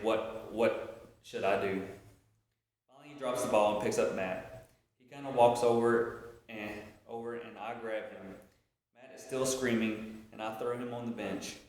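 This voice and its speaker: A man reciting a speech as a story, in a slow, halting way with frequent restarts, recorded on a webcam. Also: on the low side, a little mellow. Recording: very echoey room.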